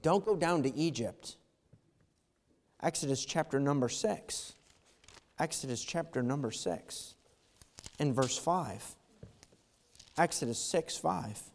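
A man preaching a fervent sermon as pastor, swinging from loud calls to quiet asides, in a church. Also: fairly high pitch, animated, slow pace, pauses often, long reverb tail.

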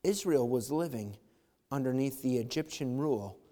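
A man preaching a fervent sermon as pastor, swinging from loud calls to quiet asides, in a church. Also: medium pitch, lively intonation, normal speed, long reverb tail.

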